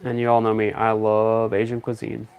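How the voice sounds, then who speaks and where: A man chatting casually on a stream, rambling and thinking out loud in a relaxed way. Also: lowish voice, normal speed, gravelly, smooth, narrow, tinny audio. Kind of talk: casual chat.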